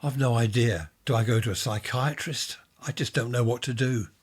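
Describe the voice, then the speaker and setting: A man's voice: mid-range voice, moderate pace, slightly rough, natural voice. A man reading a ghost story, voicing an exasperated father who storms and blusters. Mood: angry. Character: angry worried father, blustering.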